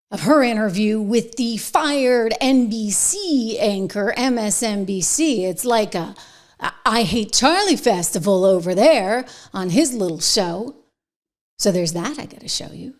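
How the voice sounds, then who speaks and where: A middle-aged woman hosts her own political commentary show with a slightly high voice. She is indignant and sarcastic, leaning hard on words, and she swings between hushed whispers and sharp outbursts. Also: animated, unhurried.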